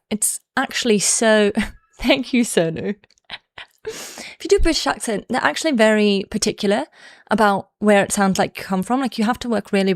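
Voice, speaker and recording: An Australian woman chats on a livestream in a loose, rambling way. She fills her talk with "like" and jokes at her own expense, and her voice is mid-pitched and dry. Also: no room sound. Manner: rambling, filler-heavy, self-mocking humor. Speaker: livestream host. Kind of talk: casual livestream chat.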